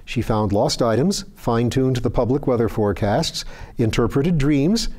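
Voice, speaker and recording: Man narrating a story, medium-pitched voice, steady even delivery. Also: normal speed. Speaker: reader. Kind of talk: audiobook reading of fiction.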